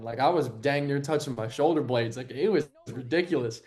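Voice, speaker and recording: A young man from Texas, a sports anchor, telling stories as a guest on an interview podcast and acting out quotes in a higher voice. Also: fairly quick, few pauses. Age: young adult. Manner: animated storyteller, acts out quotes with a jump in pitch. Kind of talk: casual interview chat.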